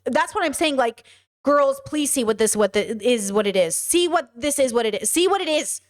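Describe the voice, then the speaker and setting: A woman's voice: high voice, animated, normal speed. A young adult woman giving blunt, exasperated, profane commentary on protest footage. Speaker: commentary streamer.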